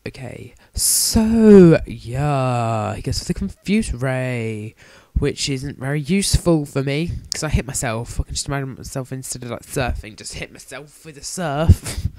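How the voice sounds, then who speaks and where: Jokey young gamer, dry sound. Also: male voice, mid-range voice, darkish tone, dry recording. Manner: jokey, self-mocking, rambling. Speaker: let's play commentator. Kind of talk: casual game commentary.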